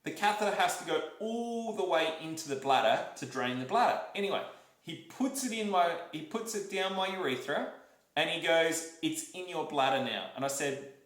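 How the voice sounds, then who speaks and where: Animated Australian man telling a story. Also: on the high side, moderate pace. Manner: animated, repeats himself, acts out quotes and demonstrations. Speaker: vlogger. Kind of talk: casual storytelling to camera. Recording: roomy echo.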